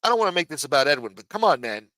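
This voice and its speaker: A man's voice: on the high side, very animated, racing, pushed and bright, dry recording, poor audio. A man on a livestream ranting angrily and scolding a viewer, with lots of profanity. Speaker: livestream co-host. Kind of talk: heated livestream rant.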